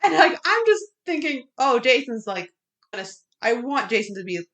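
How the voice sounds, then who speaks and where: A woman's voice: fairly high pitch, sing-song, normal speed, a bit bright. A woman co-hosting a casual movie review podcast, recapping the plot in a chatty way with lots of fillers. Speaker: podcast co-host.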